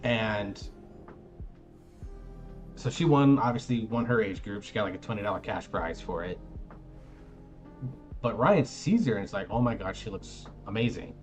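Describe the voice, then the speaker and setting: Low-voiced man telling a proud-dad story. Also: measured pace, long pauses, soft background music. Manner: rambling, animated anecdote with many fillers. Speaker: streamer. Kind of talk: casual storytelling.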